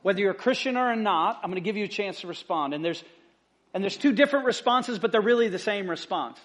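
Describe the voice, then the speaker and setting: A male pastor with a high-pitched voice preaches to his congregation. He talks with emphasis, pushing some points out loud and dropping others to a hush. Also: animated, fast talker. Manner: emphatic, swings from loud to hushed. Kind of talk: sermon. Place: church sanctuary.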